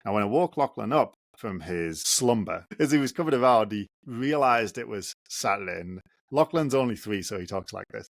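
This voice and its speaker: A man's voice: on the low side, expressive, creaky, no echo. Earnest man with a dry, close sound. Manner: earnest and reflective, speaks in short measured phrases. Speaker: podcast host and running coach. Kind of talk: solo podcast monologue.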